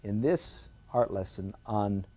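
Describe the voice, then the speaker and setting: A man's voice: on the low side, slow, mellow, slightly rough. An older man gives a drawing lesson in an indoor studio. He talks in a playful, self-mocking way, with frequent rhetorical asides to the viewer. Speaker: art instructor.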